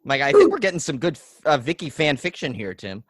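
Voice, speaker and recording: A man's voice: fairly high pitch, very animated, fairly quick. A man with a New York accent co-hosting a podcast interview, joking and laughing often. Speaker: podcast co-host. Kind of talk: casual interview chat.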